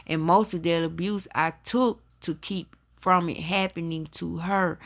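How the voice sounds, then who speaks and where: A woman's voice: sits low, creaky, fairly bright tone. A woman telling a personal story to her listeners and turning it into an emphatic spiritual lesson. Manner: emphatic, addresses listeners as y'all. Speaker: spiritual talk host. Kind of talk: personal testimony with preaching.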